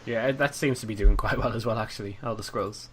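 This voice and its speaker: Homme britannique au débit rapide. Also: male voice, fairly low pitch, fairly bright tone, slight background noise. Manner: chatty, runs through news items. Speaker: podcast co-host. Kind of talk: casual chat.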